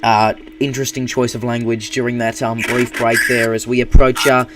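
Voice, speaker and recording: A man's voice: medium pitch, little pitch movement, moderate pace, a bit bright, far from the mic, slight background noise. An Australian man hosting a live streamed news broadcast, talking off the cuff with many fillers and restarts. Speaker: news anchor and producer.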